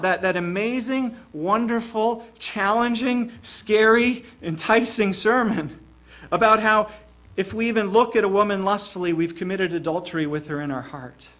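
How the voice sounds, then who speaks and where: A man's voice: high-pitched, a bit bright. An older man preaching a sermon in an earnest way, often repeating a small word as he starts a phrase.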